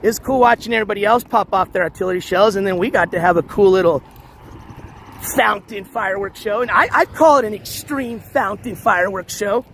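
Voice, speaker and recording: A man hosting a casual walking livestream outdoors, reading the chat aloud, shouting thanks for donations, and losing his voice. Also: high-pitched, fairly quick. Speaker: livestream host. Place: outdoors on city streets, walking dogs. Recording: faint street noise outdoors.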